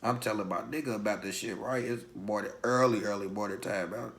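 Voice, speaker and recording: A young man from Louisville, Kentucky, casually telling a personal story in heavy street slang with animated retelling. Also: fairly low pitch, fairly quick. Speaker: vlogger.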